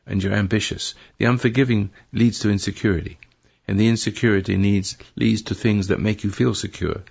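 An older male radio host with a very gravelly, husky voice rambles through spiritual advice to a caller. He talks in a preachy way and keeps correcting himself. The broadcast sounds dull and lo-fi. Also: on the low side, steady tone, fairly quick, a little mellow. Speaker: radio talk show host. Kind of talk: advice to a caller on a call-in show.

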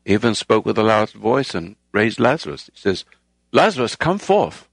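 A man's voice: lowish voice, a little fast, creaky, no room sound. A man hosting a talk program, delivering a rambling, moralizing monologue and raising his voice to stress points. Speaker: radio show host.

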